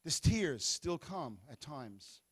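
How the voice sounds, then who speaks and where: A man preaching a sermon who tells the scripture story in an animated, playful way. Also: fairly high pitch, slow, husky.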